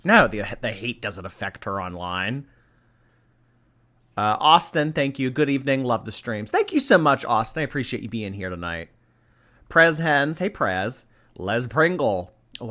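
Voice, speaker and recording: Chatty guy streamer, blunt and sweary, bright voice. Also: medium pitch, very animated, moderate pace. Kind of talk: casual reaction stream.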